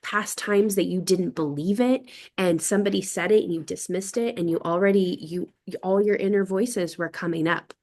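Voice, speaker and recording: A woman's voice: lowish voice, steady tone, moderate pace, darkish tone. A woman talking reflectively in a casual group conversation, wandering through her thoughts and acting out quoted phrases.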